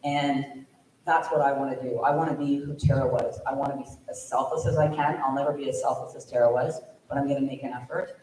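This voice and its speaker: A man giving earnest, measured remarks at a memorial. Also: mid-range voice, steady tone, a little mellow. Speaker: speaker at a memorial. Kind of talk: memorial speech. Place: large echoey school room at a podium. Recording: echoey room, distant mic, faint noise.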